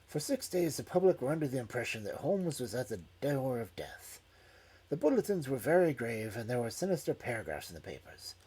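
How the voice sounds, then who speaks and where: A man reading a story aloud in an expressive, dramatic way. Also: medium pitch, fairly quick, husky.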